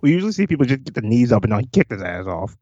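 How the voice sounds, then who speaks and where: A man co-hosting a casual podcast chat, excitable and swearing freely. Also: medium pitch, very fast, no echo. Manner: excitable, swears, laughs often. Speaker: podcast co-host. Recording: dull, dry lo-fi sound.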